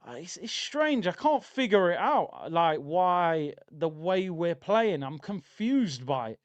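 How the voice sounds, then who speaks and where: The recording has its highs cut off, carrying a man's high, slow voice. Streaming a live football watchalong, he chats casually about the game, reads viewer comments aloud and gets excitable in bursts.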